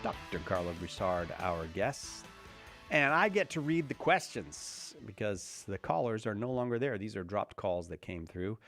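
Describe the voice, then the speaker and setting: A man's voice: lowish voice, expressive, a little slow, a bit bright, soft background music. A man hosting a call-in radio show in a playful, joking manner, speaking into a studio microphone.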